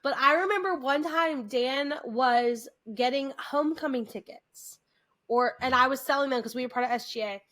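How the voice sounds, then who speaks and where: A woman's voice: sits high, normal speed, a bit bright. A young woman co-hosting a podcast, chatting casually and retelling scenes with playful impressions. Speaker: podcast co-host. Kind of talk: casual chat.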